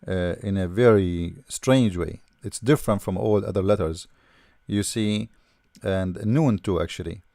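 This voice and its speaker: Low gravelly man. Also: a little mellow, no room sound, studio quality. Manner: patient, repetitive, checks in with "all right?". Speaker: language teacher. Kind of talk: explaining letters while writing.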